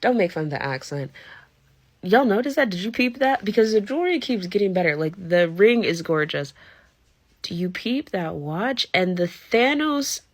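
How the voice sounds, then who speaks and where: A woman chatting casually as a commentator, gushing and sometimes dropping into soft whispers. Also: mid-range voice, very animated, normal speed, no echo. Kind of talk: casual chat.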